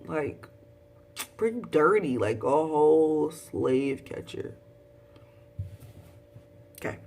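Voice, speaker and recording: A young woman, recapping a TV show in a casual, dramatic vlog with high exclaims. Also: expressive, takes it slowly, darkish tone, far from the mic. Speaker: vlogger.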